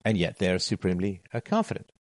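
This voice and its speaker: A man's voice: low-pitched, sing-song, fast, darkish tone, no echo. A middle-aged man holding forth in a monologue on philosophy, emphatic and repeating his key phrases. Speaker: philosophy talk host. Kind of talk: monologue to listeners.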